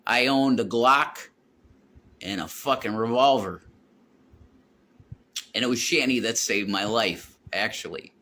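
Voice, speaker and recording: A man's voice: fairly low pitch, bright, forceful tone. A middle-aged man rambling to his viewers, telling a personal story in a heated, profane way with constant swearing. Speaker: vlogger.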